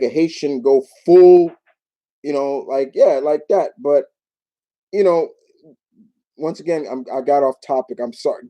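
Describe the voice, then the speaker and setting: A man from New York hosting a casual live Q&A, talking in a rambling, animated way with many restarts. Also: medium pitch, rough recording. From New York, United States. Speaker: YouTube show host.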